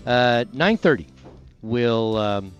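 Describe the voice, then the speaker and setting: A man's voice: mid-range voice, takes it slowly, clean tone, lo-fi sound, soft background music. Chatty Texan radio host, man. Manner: chatty, animated, rambling. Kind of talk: casual radio chat and live read.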